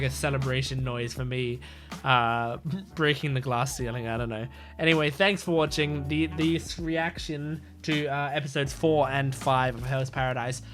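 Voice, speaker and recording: A man's voice: medium pitch, fairly bright tone. Hesitant young man on a headset. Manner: hesitant, many ums and restarts. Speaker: anime reaction channel host. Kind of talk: casual reaction commentary.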